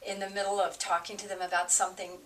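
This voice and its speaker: A woman's voice: medium pitch, flat delivery, quick pace, distant mic, low-quality recording. A talkative woman from New Jersey, co-hosting a casual chat and telling stories from her work as a real estate agent. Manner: talkative, storytelling.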